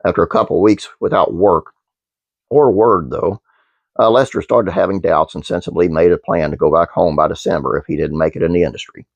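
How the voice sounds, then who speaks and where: A man's voice: low-pitched, a little fast, gravelly, no echo, muffled recording. A man hosting his own channel, reading a trivia script aloud with fillers and restarts, then chatting casually to viewers. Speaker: channel host.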